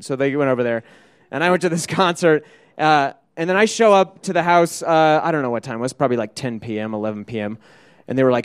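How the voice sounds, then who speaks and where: A middle-aged man tells a rambling, funny personal story to an audience, his voice sitting a touch high. He talks loosely with lots of "like," breaking into laughter often. The sound is dry and close, with no room echo. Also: fast talker, clear, resonant tone. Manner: casual, animated, laughing often, peppered with "like".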